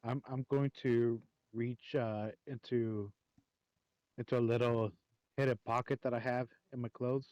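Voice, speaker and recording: A man playing a tabletop game, describing his character's actions with many pauses and restarts. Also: mid-range voice, level tone, no room sound, muffled recording. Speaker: player.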